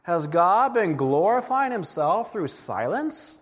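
Man, pastor preaching, slow deliberate delivery, dramatic hush-to-emphatic swings, long hall reverb. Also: high-pitched, sing-song, husky. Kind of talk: sermon.

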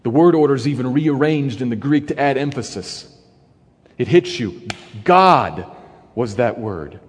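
Earnest male Bible teacher, lively pitch. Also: slightly rough, big-room sound. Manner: earnest, emphatic, pauses between phrases.

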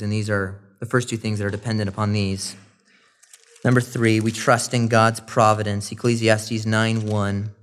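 A man preaching a sermon, animated and rising loud on emphasis, with quoted asides. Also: medium pitch. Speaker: pastor.

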